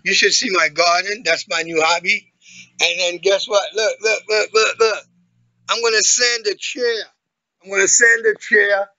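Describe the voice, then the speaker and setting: A man's voice: high-pitched, sharp tone, highs cut off. A man vlogging in a rambling, clowning way, talking straight to his viewers. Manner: clowning, playful, talks to viewers directly. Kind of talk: rambling personal vlog.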